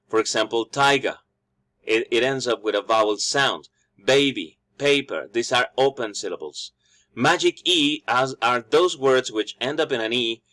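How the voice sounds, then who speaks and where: A man whose first language is Spanish gives a pronunciation lesson in English, at a middle pitch. He thinks aloud with small restarts and slows down to say example words clearly, showing where the stress falls. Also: a bit bright. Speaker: English teacher. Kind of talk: explanatory lesson.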